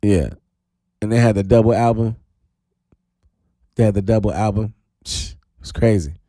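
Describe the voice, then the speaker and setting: Playful animated man DJ, mellow voice. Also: dry recording, clean studio sound. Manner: animated, playful, swoops into high drawn-out shouts. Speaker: radio DJ host. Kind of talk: casual radio talk show. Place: radio studio.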